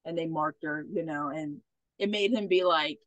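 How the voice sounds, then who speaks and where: A woman hosting a podcast, recapping a movie in a casual, rambling way with plenty of swearing and quick impressions. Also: low voice, fairly bright tone, dry recording, lo-fi sound. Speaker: podcast host.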